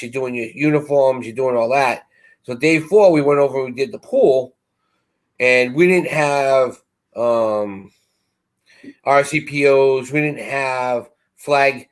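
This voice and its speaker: A middle-aged man casually telling a long story, animated and acting out the voices of the people in it. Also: medium pitch. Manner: animated, acts out quoted voices. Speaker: co-host.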